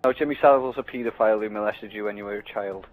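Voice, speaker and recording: A man's voice: lowish voice, very fast, phone-quality sound, music in the background. A young man on a gaming headset, chatting casually and mocking others with sarcastic, swear-heavy banter. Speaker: gaming vlogger. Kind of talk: casual party chat.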